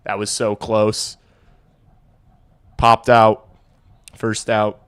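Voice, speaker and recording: Excitable young man calling hockey live. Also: lowish voice, extremely slow, smooth. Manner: excitable, swears freely, talks to chat. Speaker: livestream hockey watch-along host. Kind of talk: casual live play-by-play reaction.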